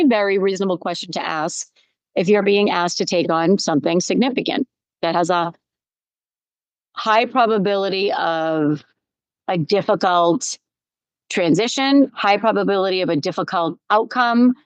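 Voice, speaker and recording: A woman's voice: medium pitch, moderate pace, dry recording, poor audio. A middle-aged woman hosting a solo podcast, telling a personal story in a conversational way and repeating phrases for emphasis. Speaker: podcast host.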